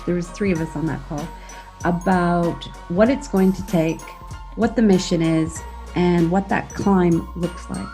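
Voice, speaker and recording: A woman from Canada, a podcast host, giving a measured and earnest introduction to an episode. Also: fairly low pitch, dark tone.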